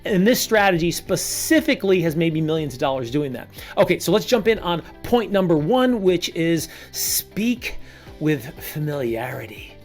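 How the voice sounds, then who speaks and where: A man coaching salespeople in an energetic video lesson. He talks standing up, projects energy on purpose and repeats short punchy phrases. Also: sits high. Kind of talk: energetic coaching monologue to camera.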